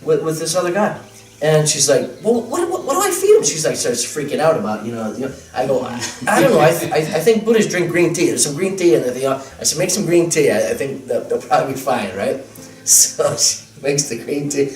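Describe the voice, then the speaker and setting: A man telling a lively personal story with laughs and quoted voices, recorded at a temple gathering. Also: on the high side, fairly quick. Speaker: guest telling his story. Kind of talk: casual storytelling. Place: temple hall. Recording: roomy sound from a distance, music.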